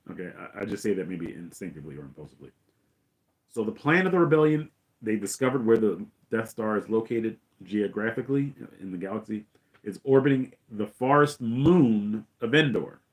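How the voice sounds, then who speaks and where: Rambling, excited middle-aged male host. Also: fairly low pitch, normal speed. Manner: excited, rambling retelling with many fillers. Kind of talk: casual film recap commentary.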